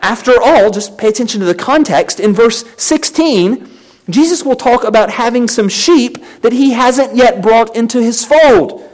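A man's voice: very high-pitched, normal speed. A man preaching a sermon, emphatic and exhorting his listeners directly. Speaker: pastor.

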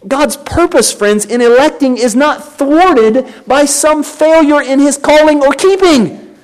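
A man's voice: very high voice, measured pace. A man preaching a sermon, emphatic and exhorting his listeners directly. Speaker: pastor.

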